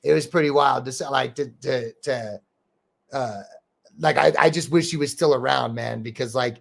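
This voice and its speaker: In a mid-range, creaky voice at a moderate pace, a man tells rambling stories on his podcast. He's also a rapper, and his talk is profane and loaded with "bro" and "dude."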